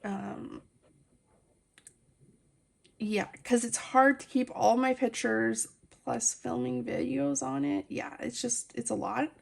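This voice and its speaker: Chatty woman with a gravelly edge. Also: on the high side, slow pace, pauses often. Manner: chatty and rambling, many fillers. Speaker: coloring vlogger. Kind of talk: casual chat while coloring. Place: at home, family nearby. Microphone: phone.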